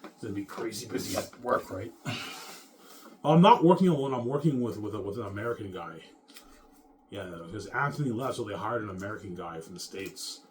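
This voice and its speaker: A man in his thirties rants to camera in a bitter, rambling and profane way. He talks very fast in a lowish voice. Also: animated, slight background noise. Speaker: vlogger. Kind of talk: casual rant to camera.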